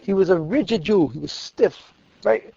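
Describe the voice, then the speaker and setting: A man, a rabbi, telling stories in a lecture, lively in the telling and dropping to quiet asides. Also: high-pitched, moderate pace, vocal fry, husky, dry recording, lo-fi sound. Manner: animated retelling that drops to quiet asides. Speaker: rabbi teaching a class. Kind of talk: storytelling lecture.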